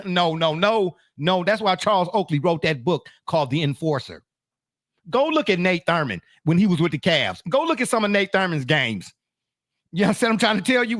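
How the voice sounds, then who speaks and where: A man's voice: high voice, a bit bright, dry recording, studio quality. A middle-aged man co-hosting a sports talk show, emphatic and slangy, laughing often as he argues.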